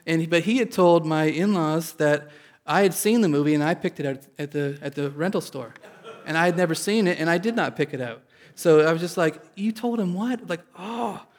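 Telling an audience a story from his own life, this Indiana pastor speaks at a fairly quick clip. His voice runs somewhat high, and he's lively and self-deprecating throughout.

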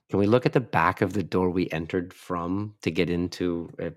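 A man's voice: deep voice, normal speed, no echo. An Australian man chatting casually as a guest player in a mystery game, chatty and self-mocking.

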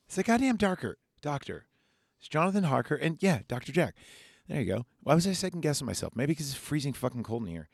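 A man's voice: mid-range voice, sing-song, fast talker, gravelly, husky, no room sound, studio quality. A man hosting a podcast, recapping a movie in a rambling, chatty way and swearing freely. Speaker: podcast host. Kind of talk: casual film review.

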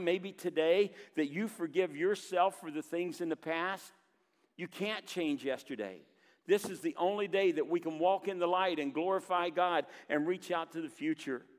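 A man preaching a sermon as pastor, reading scripture and pausing for emphasis. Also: a little high, in a large hall. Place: church sanctuary.

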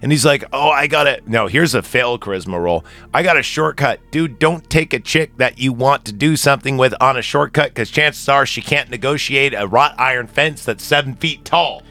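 A man's voice: medium pitch, normal speed, few pauses, bright, forceful tone, faint music behind. Crude joking man recapping a movie. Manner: crude, joking, quotes characters in bits. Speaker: podcast co-host. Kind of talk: casual movie recap chat.

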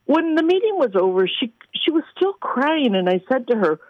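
A woman minister, a guest, telling faith testimonies in an animated way and acting out the people she quotes. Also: high voice, normal speed, dry recording, phone-quality sound. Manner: animated, acts out quoted voices. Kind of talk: testimony storytelling.

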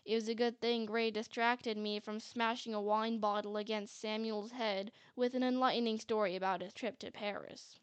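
A woman's voice: on the high side, steady tone, moderate pace, few pauses, clean tone, dry recording. A woman narrating a story in a chatty manner, with sarcastic asides. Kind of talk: scripted narration. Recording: faint music bed.

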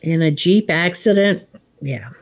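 A woman's voice: low-pitched, animated, unhurried. A woman co-hosting a casual chat, retelling a film scene by scene and quoting its lines.

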